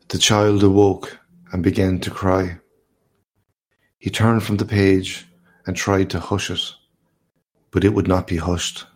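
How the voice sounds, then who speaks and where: A man narrating a classic short story aloud in a measured, unhurried way. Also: low-pitched, a little mellow.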